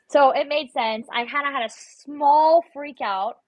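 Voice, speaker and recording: On a casual interview show, a young woman who shoots competitively swaps stories in a chatty way, voicing her own panicked lines as she goes. She speaks at a moderate pace with a high-pitched voice. There's no room sound, and the audio quality is poor.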